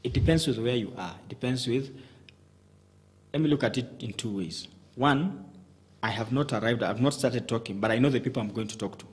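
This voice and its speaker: A communication coach appears as a guest in a TV studio, speaking briskly at a medium pitch. He works through his advice methodically, point by point, often starting his sentences over.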